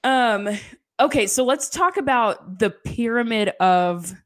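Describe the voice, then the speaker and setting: A woman's voice: a little high, expressive, slow pace. A woman hosting a podcast in casual chat, chatty and giggly with lots of filler words. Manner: chatty, giggly, lots of likes and you-knows. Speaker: podcast host.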